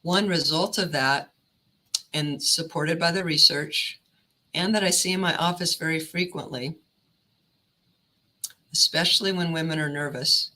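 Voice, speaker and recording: Woman career counselor, presenter, bright tense tone, even instructive delivery. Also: sits low, unhurried, long pauses, poor audio.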